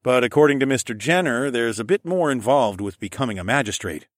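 A man narrating a first-person audiobook, with lively, playful character dialogue. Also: medium pitch, brisk, no room sound, studio quality.

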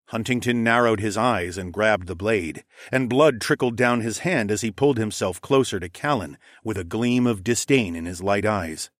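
A man narrating a first-person fantasy audiobook with expressive, plain storytelling. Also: on the low side, normal speed, no echo, studio quality.

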